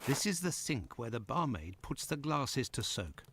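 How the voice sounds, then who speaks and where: A formal, composed detective. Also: male voice, medium pitch, big pitch swings, a bit bright, a little hiss or hum. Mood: calm. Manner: formal, measured.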